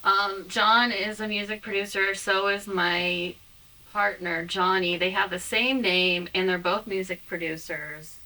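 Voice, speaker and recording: A woman's voice: mid-range voice, steady tone, a little slow, pushed and bright, distant mic, low-quality recording. A woman comedian hosting an awkward interview chat, rambling and laughing often. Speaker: comedian host.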